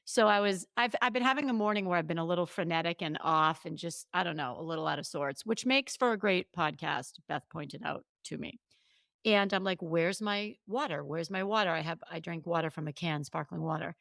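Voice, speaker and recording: Lively woman coach co-hosting a chat podcast; lower voice, dry booth sound. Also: creaky, dry recording. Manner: animated storyteller, quick asides and restarts.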